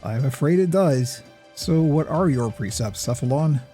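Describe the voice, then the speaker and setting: A man hosts with measured, lofty scripted narration that leans a bit pretentious. His voice is mellow and warm, lifting and falling in a lively way. Faint music plays behind. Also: mid-range voice, breathy edge. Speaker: gaming video host.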